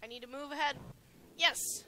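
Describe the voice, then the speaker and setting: A woman commentating her own gameplay live, excitably shouting spell names and taunts at opponents. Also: sits high, moderate pace, a little hiss or hum. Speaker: gaming channel host.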